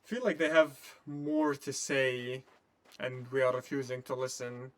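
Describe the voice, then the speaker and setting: Man, live game streamer, loud outbursts, exasperated, casual slang. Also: mid-range voice, steady tone, a little slow.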